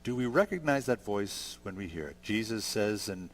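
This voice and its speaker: A man in his sixties preaching a sermon, conversational and gentle, building to emphatic peaks. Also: fairly low pitch, animated, moderate pace, a little hiss or hum. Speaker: pastor.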